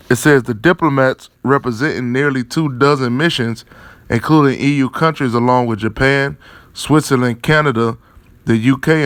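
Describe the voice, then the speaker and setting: A man riffs on news articles through a religious lens, rambling and cursing freely. His voice sits mid-pitched and sounds dry and close, with no room around it. He keeps looping back on fillers and checks in with tag questions, chuckling between thoughts. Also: a bit bright, no room sound. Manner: chuckles often while talking. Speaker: religious commentator.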